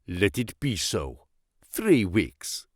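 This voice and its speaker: A man voicing a starving Greek captive who answers in a low, weary, stubborn voice. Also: huge pitch swings, extremely slow, no room sound, studio quality, heavily acted. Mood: defiant.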